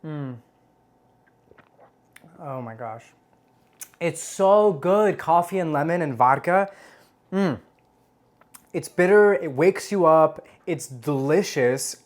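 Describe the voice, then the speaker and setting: Someone with a medium-pitched, animated voice hosts a laid-back cocktail lesson at home, speaking slowly and pausing often. They're chatty and playful, poke fun at themselves, and hum aloud to savor each taste.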